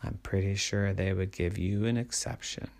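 A man's voice: low-pitched, steady tone, moderate pace, creaky, darkish tone. A man voicing a mother exasperated with her daughter, in a whispered role-play. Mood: gentle. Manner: exasperated, pleading. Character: exasperated mother of a young girl.

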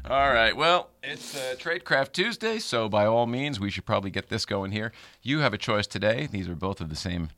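Lively, bright-voiced man hosting a live chat. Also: fairly low pitch, normal speed, hardly any pauses. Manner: rambling, laughing, lots of fillers and restarts. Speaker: show host. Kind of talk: casual live-stream chat.

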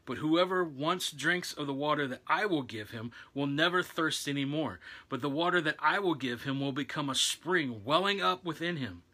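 Scripture reading: calm, measured male teacher, read by a man, bright timbre. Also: a little high. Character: calm male teacher, Jesus, speaking plainly.

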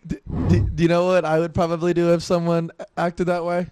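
A man's voice: a little high, completely flat delivery, fairly quick, a little mellow, clear, resonant tone, dry recording, clean studio sound. A young man hosting a podcast, chatting casually in a laid-back way, chuckling often and using lots of fillers. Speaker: podcast host.

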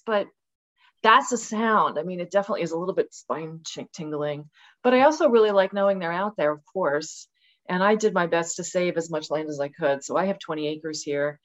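A woman's voice: on the low side, dull audio. A woman in her sixties, a podcast guest on a video call, talking passionately and acting out quotes as she tells stories. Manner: passionate, animated storytelling with dramatic acted-out quotes. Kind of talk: casual conversational interview. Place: rural home with dogs.

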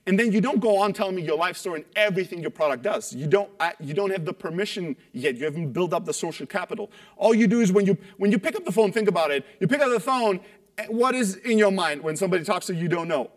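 A man giving an energetic talk on sales calls to an audience, acting out quoted voices and tagging points with "right?". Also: high voice, fast. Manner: animated, acts out quoted voices, rhetorical "right?". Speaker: sales coach speaker.

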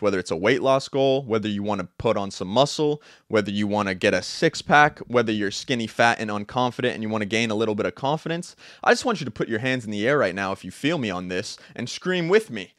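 A young man hosting a podcast, giving an intense, profane motivational monologue with bursts of shouting. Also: fairly low pitch, lively intonation, fast talker, dry recording, studio quality. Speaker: podcast host. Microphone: two cameras, podcast mic.

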